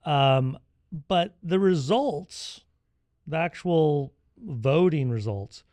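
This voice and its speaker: A man who is a guest on a political podcast, explaining things in a measured way with dry humor. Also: a little high, lively intonation, a little mellow, no room sound. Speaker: podcast guest, think-tank executive.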